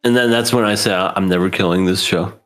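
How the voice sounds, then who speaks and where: A man's voice: low-pitched, steady tone, brisk, fairly bright tone. A man co-hosting an anime podcast, chatting casually, laughing often and acting out characters' lines. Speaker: podcast co-host. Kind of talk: casual anime review chat.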